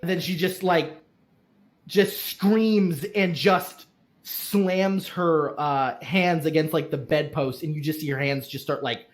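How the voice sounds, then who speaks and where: A man narrates a tabletop game as its game master. He talks casually and haltingly, with many quick asides. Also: fairly high pitch, fairly even intonation.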